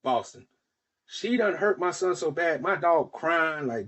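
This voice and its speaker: Telling a heated personal story on his podcast, this Florida man speaks a little slowly in a husky, a bit bright voice on the high side with lively intonation. The talk is casual and profane, and he acts out quoted dialogue.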